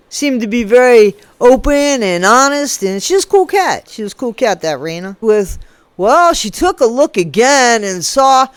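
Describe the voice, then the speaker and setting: A woman's voice: a little high, no room sound. A woman giving casual gossip commentary in a playful, rambling way, with sing-song asides. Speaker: commentary vlogger.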